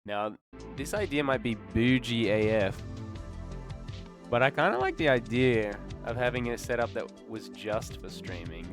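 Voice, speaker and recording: A man streaming live, chatting casually with his viewers in a laid-back, slangy way. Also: lowish voice. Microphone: desk mic. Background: faint background music.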